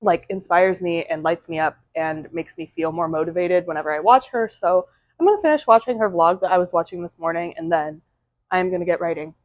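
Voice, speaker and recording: A woman's voice: fairly low pitch, a little fast, no echo, narrow, tinny audio. A woman chatting casually to the camera in a home vlog, rambling and filling her speech with "um" and "like". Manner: chatty, rambling, lots of fillers like "um" and "like". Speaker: vlogger and aspiring novelist. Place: at home, indoors.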